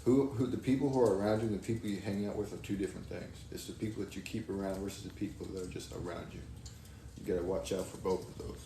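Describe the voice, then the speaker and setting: A young man, co-hosting and explaining his view in a slow, slightly foggy, steady way. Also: deep voice. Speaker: podcast co-host. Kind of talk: casual explanatory chat. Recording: distant roomy mic, faint noise.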